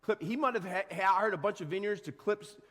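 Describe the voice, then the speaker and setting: Guy pastor preaching casual and animated, kinda high voice, big church reverb. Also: quick pace. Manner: casual, animated, acts out grumbling workers. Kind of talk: sermon. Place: church sanctuary.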